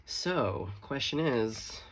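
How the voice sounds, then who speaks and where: A man's voice: mid-range voice, lively intonation, very slow, fairly bright tone. A man giving a casual, chatty tarot reading to camera, swearing freely and making playful asides. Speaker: tarot reader.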